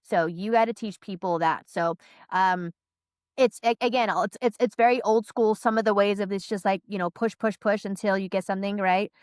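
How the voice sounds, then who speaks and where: A woman's voice: medium pitch, steady tone, moderate pace, smooth, dry recording, studio quality. A woman in her thirties, a sales trainer, telling stories animatedly and repeating phrases for emphasis as a podcast guest. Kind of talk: podcast interview, storytelling.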